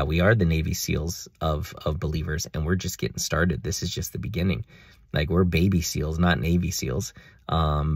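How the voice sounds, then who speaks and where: Young male vlogger, deep gravelly voice, close dry sound, earnest and rambling. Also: dry recording. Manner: earnest, rambling, many fillers. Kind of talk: casual personal video diary.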